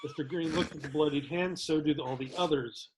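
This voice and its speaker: A man's voice: a little high, fairly quick, a little mellow, a little hiss or hum. A man reading the stage directions aloud in a casual table read, laughing and stumbling now and then. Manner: reads narration with laughs and slips.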